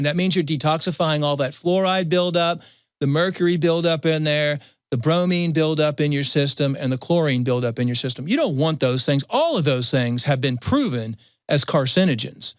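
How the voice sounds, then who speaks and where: Male ad announcer, slightly high pitch, dry close recording, steady informative read. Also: dry recording. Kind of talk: product ad read.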